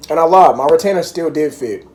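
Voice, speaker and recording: A man's voice: on the high side, expressive, a little fast, a little mellow, slight background noise. A young man vlogging to camera, telling a story in loose, rambling casual chat full of fillers.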